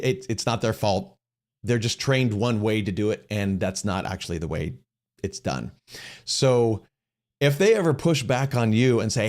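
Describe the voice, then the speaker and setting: A man's voice: mid-range voice, darkish tone. A middle-aged man hosting a question-and-answer session, explaining things in a casual, conversational way, often restarting phrases and acting out quoted dialogue. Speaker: host answering viewer questions.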